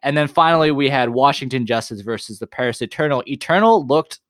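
A man's voice: medium pitch, lively intonation, a little fast, a bit bright, no echo, studio quality. A man co-hosting an esports talk show, chatting casually and often rephrasing and stumbling over his words. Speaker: esports podcast co-host. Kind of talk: casual chat.

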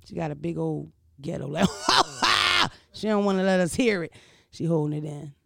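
A man spins a profane comic story with a rough, gravelly edge to his voice. He keeps turning to the listener with quick rhetorical asides. The sound is dry and close, with no room around it. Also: a little high, no room sound. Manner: animated, crude, full of rhetorical asides. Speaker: comedian.

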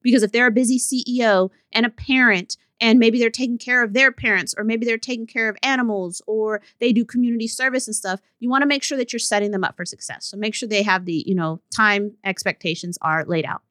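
A woman's voice: a little high, brisk, hardly any pauses, a bit bright, dry recording, studio quality. A woman business coach hosting her own solo podcast, talking bluntly and candidly with laughing asides.

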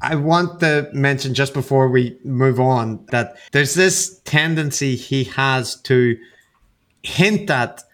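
A man talks in a casual, analytical way as a podcast co-host, slipping in wry asides. His voice sits at an ordinary middle pitch. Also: takes it slowly, a bit bright.

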